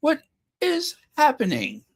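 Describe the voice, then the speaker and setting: A man's voice: extremely high pitch, wildly swooping pitch, slow pace, voice pushed up, heavily acted. A man putting on a fretful, indignant elderly king as a mocking impression.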